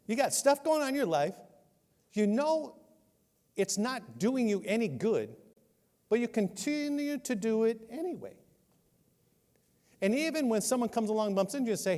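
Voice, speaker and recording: A man in his sixties preaching a sermon, telling a funny story with self-mocking humor and animated delivery. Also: very high-pitched, moderate pace, long pauses. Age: 60s. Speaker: pastor. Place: church sanctuary. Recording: long hall reverb.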